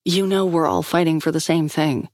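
A woman's voice: low voice, steady tone, moderate pace, a little mellow, no room sound, studio quality, close to an everyday voice. A woman voicing a tense, resolute undead female soldier.

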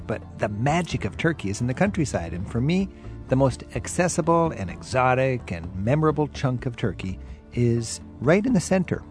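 A man's voice: medium pitch, a little mellow. A man hosting a radio travel show, reading a scripted intro and asking guests curious questions. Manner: curious, upbeat interviewer.

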